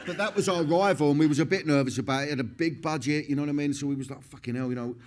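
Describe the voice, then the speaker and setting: Pitched on the high side and talking very fast against a noisy background, this middle-aged man rambles through a candid stage interview. Profanity is constant, laughter frequent, and he restarts his sentences again and again.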